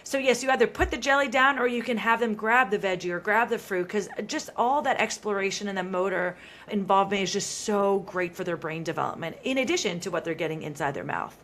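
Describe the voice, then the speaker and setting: A woman in her thirties hosting a podcast, talking in a chatty, animated way full of "like" fillers. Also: medium pitch, a little fast, hardly any pauses. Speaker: podcast host. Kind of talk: casual conversational chat.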